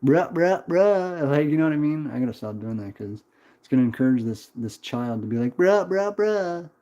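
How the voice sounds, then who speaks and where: A man's voice: mid-range voice, steady tone, a little fast, mellow. A man in his twenties chatting on a casual livestream, rambling, swearing and answering chat. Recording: dull lo-fi stream audio.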